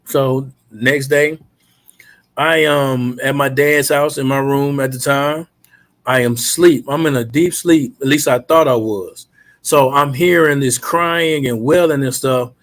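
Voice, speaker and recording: Man, mid-range voice, podcast guest, earnest steady storyteller. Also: mid-range voice, a little slow. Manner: earnest, steady recounting of a painful memory. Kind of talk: personal storytelling.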